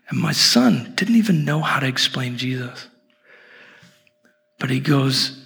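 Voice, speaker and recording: A man in his thirties preaching a sermon at an evening church service, telling a story with humor and warmth. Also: mid-range voice, moderate pace, breathy edge. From Portland, Oregon. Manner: animated storytelling with self-deprecating humor. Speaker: pastor.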